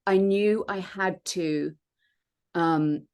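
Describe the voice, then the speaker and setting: A woman, a podcast guest, telling her own story in an earnest, reflective way with many pauses and fillers. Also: deep voice, darkish tone. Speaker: podcast guest, transformation coach. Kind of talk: personal storytelling in conversation.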